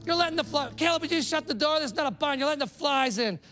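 A man's voice: extremely high pitch, racing, sharp tone, faint music behind, pitched above the performer's own voice. A man voicing his exasperated farm mother, scolding and repeating herself.

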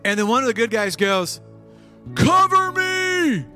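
Male pastor, lively sermon delivery, slightly high voice, faint music behind. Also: fairly quick. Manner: animated, acts out scenes with shouts. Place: church with live and online congregation.

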